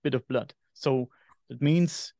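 A man with a German accent, co-hosting a podcast in casual chat and sometimes pausing to search for English words. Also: mid-range voice, gravelly, mellow, dry recording, studio quality. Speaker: podcast co-host.

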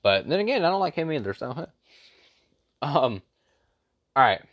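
A man's voice: medium pitch, very animated, moderate pace, dull audio. A young man vlogging a casual storytime rant, rambling with lots of fillers and slang.

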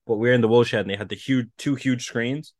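A man co-hosting a casual podcast, jumping in with quick, excitable remarks. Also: mid-range voice, no echo, studio quality. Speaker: podcast co-host. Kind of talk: casual chat.

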